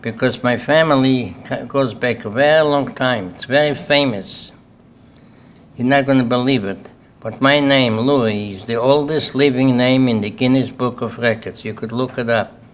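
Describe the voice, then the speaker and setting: An older Lithuanian man with a Lithuanian accent speaks in a mid-range voice at a moderate pace. A Holocaust survivor, he gives plain-spoken personal testimony to a symposium audience in a hall, often checking in with "okay?".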